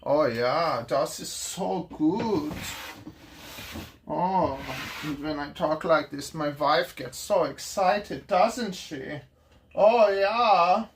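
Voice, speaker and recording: A man's voice: a little high, drawn-out words, a little hiss or hum. A man putting on a German accent to play a smug, drawling character. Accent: put-on German.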